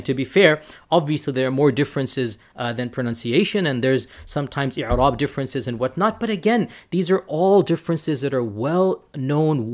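This is an impassioned man preacher speaking straight to camera. He presses his points hard and doubles words for emphasis. His voice sits somewhat high for a man. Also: darkish tone. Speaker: Islamic preacher and teacher. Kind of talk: direct-to-camera rebuttal talk.

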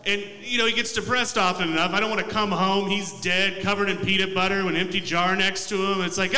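A man's voice: high voice, fast talker, few pauses, bright, forceful tone. A young man doing a loose, profane, self-mocking stand-up set in a comedy club. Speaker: stand-up comic. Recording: echoey club room mic.

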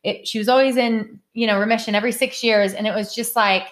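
A woman's voice: a little high, fairly even intonation, fast. Candid middle-aged woman podcast host. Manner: candid, heartfelt, repeats points for emphasis. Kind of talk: casual conversational podcast chat.

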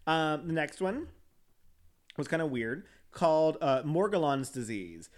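A man's voice: fairly high pitch, big pitch swings, unhurried. A man on a podcast reading an article aloud with casual asides, often stumbling over words and laughing at himself. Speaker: podcast host.

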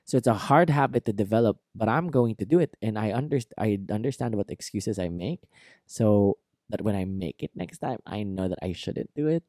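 A man's voice: lowish voice, animated, moderate pace, dark tone, dry recording, studio quality. A man hosting a self-help podcast, talking earnestly and encouragingly to his listeners and laughing at himself now and then. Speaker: podcast host. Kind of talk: motivational self-help monologue.

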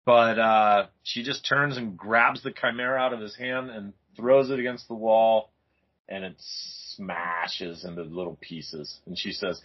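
A man chatting casually on a comic book podcast, agreeable and quick to laugh, in slightly muffled audio. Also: lowish voice, fairly even intonation. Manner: agreeable, gives short replies, laughs easily. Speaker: podcast guest.

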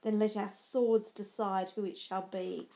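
A woman's voice: mid-range voice, moderate pace, a little mellow, lightly acted. A woman voicing a harsh, sneering young swordsman who picks a fight, in a storybook reading. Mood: menacing. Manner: sneering and jeering.

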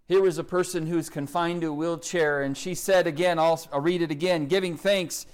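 High-voiced preaching man. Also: steady tone, brisk, smooth. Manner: emphatic, builds to rising recitation of scripture. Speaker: pastor. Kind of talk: sermon.

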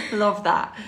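A woman's voice: high voice, fairly bright tone. A woman co-hosting a podcast, telling stories expressively and laughing often. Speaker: podcast co-host. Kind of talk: casual chat. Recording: echoey room.

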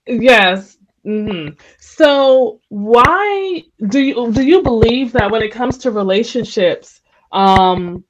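A woman's voice: fairly high pitch, dull audio. A woman co-hosting a casual podcast chat, reacting expressively and asking the discussion questions.

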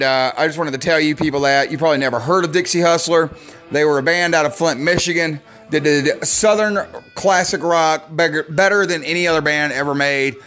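A man's voice: on the high side, fairly bright tone. Sarcastic forty-year-old man ranting. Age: 40s. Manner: sarcastic, self-deprecating, swearing. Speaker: podcast host. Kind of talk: drunk comedic rant.

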